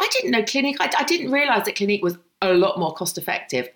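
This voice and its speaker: A woman's voice: mid-range voice, fast talker. A woman co-hosting a podcast, telling rambling stories in casual chat and laughing often. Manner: animated, rambling storyteller with frequent laughs. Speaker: podcast co-host.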